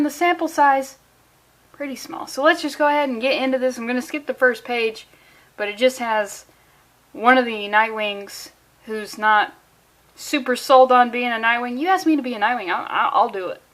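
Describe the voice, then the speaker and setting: A woman's voice: on the high side, normal speed, a bit bright. A woman reviewing a comic book in a casual, sarcastic, rambling way, full of jokey asides. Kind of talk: casual comedic commentary.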